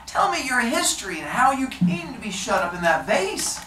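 A man voicing a frightened fisherman who pleads in high, strained cries, heard from a distant mic in a roomy space. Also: very animated, moderate pace, bright, forceful tone, slight background noise, exaggerated voice. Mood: pleading.

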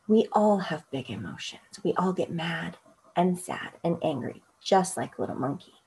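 A woman teacher giving a gentle children's storytime read-aloud, soothing and often dropping into soft whispers. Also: on the low side, animated, moderate pace, creaky, a little hiss or hum, low-quality recording. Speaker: teacher reading a picture book aloud.

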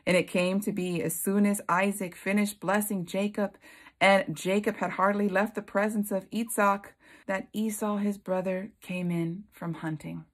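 A woman leading a Bible study, retelling the story expressively and acting out its characters. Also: mid-range voice.

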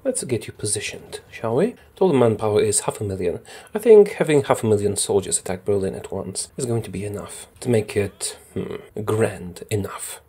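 A man gives casual gameplay commentary, thinking out loud about each move. His voice is mellow and a little husky, and his pitch moves around a lot. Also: expressive, moderate pace. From Poland. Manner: chatty, thinks aloud while playing. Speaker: strategy game YouTuber.

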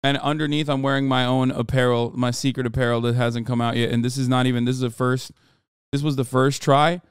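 A man streaming live, chatting casually in an animated, profane, rambling way full of restarts. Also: medium pitch, fairly quick, clear, resonant tone, no room sound, clean studio sound. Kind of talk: casual livestream chat.

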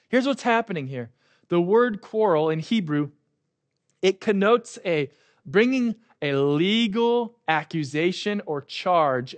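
High-voiced chatty pastor preaching. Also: male voice. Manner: conversational, asks "right?" often. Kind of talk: sermon.

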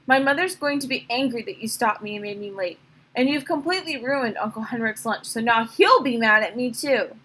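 A woman reading the lines of a defiant, impatient young Danish girl in a storybook, with a slightly breathy voice. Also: a little high, lively intonation, brisk, a bit bright, poor audio. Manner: impatient, insolent.

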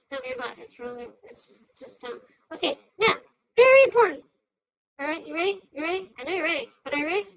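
A woman voicing a hyper, chattering female AI cartoon host who rambles through commentary on a news clip, jumping between shouts and mutters. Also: very high-pitched, dry recording, full character voice, low-quality recording.

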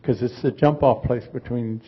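Older male artist in his 80s, raspy, rambling, dry humor, muffled event audio. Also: medium pitch, steady tone, moderate pace. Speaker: artist, guest. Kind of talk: live onstage conversation.

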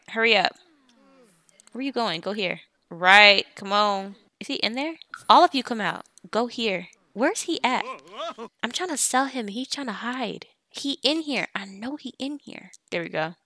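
A woman's voice: medium pitch, pushed and bright. A woman casually commenting on her gameplay. She chats in loose, slangy speech while bossing and teasing her game characters. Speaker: let's play host.

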